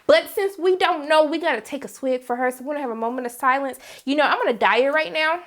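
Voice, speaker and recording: Brief: high-voiced woman vlogger, casual slangy recap, animated, acts out the scenes. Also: quick pace. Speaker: TV review vlogger.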